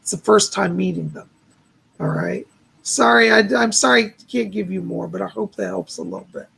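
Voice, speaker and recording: Male psychic host on a live stream, gravelly and very raspy, gentle and reassuring, chatty. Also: sits high, big pitch swings, moderate pace. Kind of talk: casual live-stream readings.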